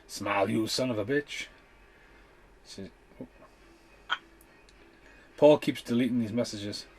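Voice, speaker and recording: A man hosts a film commentary podcast and reacts to the screen as he goes. His delivery is blunt and full of swearing, with an unpolished, offhand tone at a medium pitch. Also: slow pace, darkish tone, slightly rough. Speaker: podcast host.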